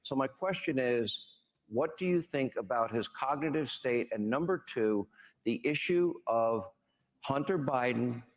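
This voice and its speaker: A male host with a voice of ordinary pitch interviews a guest at a town hall. He puts pointed, direct questions and keeps pressing for answers. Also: expressive, measured pace.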